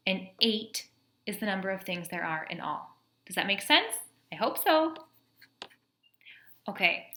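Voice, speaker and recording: A woman's voice: mid-range voice, bright, forceful tone. A woman teacher patiently walking students through a math lesson, counting aloud step by step. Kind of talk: classroom math lesson video. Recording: echoey room.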